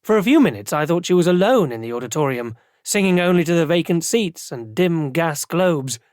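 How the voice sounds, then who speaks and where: Guy narrating as a calm prelate, audiobook, lively pitch, dry close mic. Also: dry recording, lightly acted. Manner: measured, expressive storytelling. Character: thoughtful male prelate narrator. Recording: dry close studio sound.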